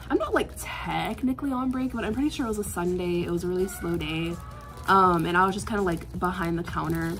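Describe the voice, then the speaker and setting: A young woman vlogger telling a work story in casual chat, animated and exasperated, with lots of filler words and sighs. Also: medium pitch. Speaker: art vlogger.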